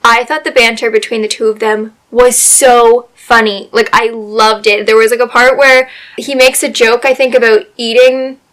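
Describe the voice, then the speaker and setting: A young woman talking casually and excitedly about books, full of "like" fillers and quick asides. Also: on the high side. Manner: chatty, gushing, lots of "like" fillers. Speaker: book vlogger. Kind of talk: casual book review chat.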